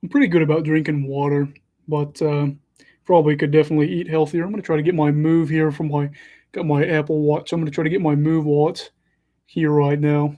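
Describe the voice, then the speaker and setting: Young male livestream host, fairly high mellow voice, casual chatty hockey commentary. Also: flat delivery, a little fast. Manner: chatty, self-deprecating, follows play live.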